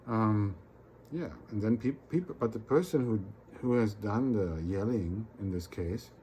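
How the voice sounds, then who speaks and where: A man with a fairly low, mellow voice talks straight to his viewers in a loose, unscripted vlog. He stumbles and repeats words as he goes and slips into quoted mini-dialogues. Faint background noise sits under him. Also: measured pace. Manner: repeats words and restarts often; acts out little quoted exchanges. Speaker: vlogger. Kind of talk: rambling casual monologue.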